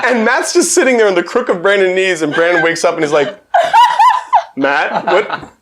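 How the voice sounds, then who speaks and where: A man's voice: sits high, normal speed, heavy background noise. A man hosting a casual chat, telling a funny story with lots of laughter. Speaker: host.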